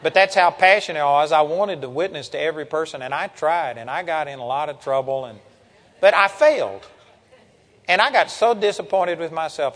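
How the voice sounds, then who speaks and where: Older male preacher, earnest emphatic sermon, slightly high voice, reverberant hall. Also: lively intonation, a little fast, a bit bright. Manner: earnest, emphatic Bible teaching with scripture reading.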